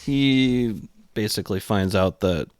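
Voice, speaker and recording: A man with a low voice co-hosts a casual podcast. He recaps a TV episode in a chatty way, dropping plenty of ums, and the recording is dry and close. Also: measured pace, clean tone, no echo. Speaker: podcast co-host. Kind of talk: casual chat.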